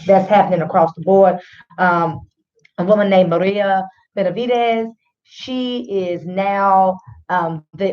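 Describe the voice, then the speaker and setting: A woman's voice: lowish voice, highs cut off. A woman hosting a radio talk show, giving chatty, opinionated commentary and speaking straight to her listeners. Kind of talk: casual commentary.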